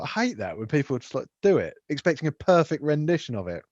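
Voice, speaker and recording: A young man co-hosting a podcast, telling stories with lots of swearing and animated voices. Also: a little high, quick pace, hardly any pauses, no echo, highs cut off. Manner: swears a lot, animated storytelling. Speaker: podcast co-host. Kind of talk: casual chat.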